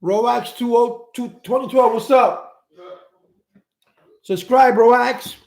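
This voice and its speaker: A man's voice: extremely high pitch, slow pace, vocal fry, darkish tone. A man hosting a live stream, reading viewer comments and rambling through his opinions, often repeating words while he searches for them. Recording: echoey room.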